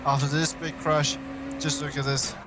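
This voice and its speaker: An excitable man calls a live sim race from a home stream setup. His voice sits fairly high and he leans on fillers and sudden exclamations, with a faint hiss of noise underneath. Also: normal speed. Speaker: sim racing commentator.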